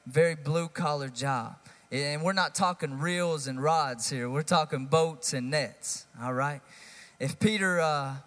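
A male pastor giving a sermon, casual and animated, stressing lines and talking straight to the congregation. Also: on the high side, measured pace, big-room sound. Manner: animated, conversational preaching with rising emphasis.

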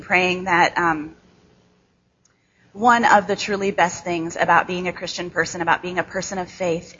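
A woman in her thirties from Chicago with a nasal American Midwest accent, giving a candid, self-deprecating talk to a church audience with many ums and halting restarts. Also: lowish voice, a bit bright, breathy edge, muffled recording. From Chicago, USA. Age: 30s. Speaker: guest speaker. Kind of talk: conversational speech to a church audience.

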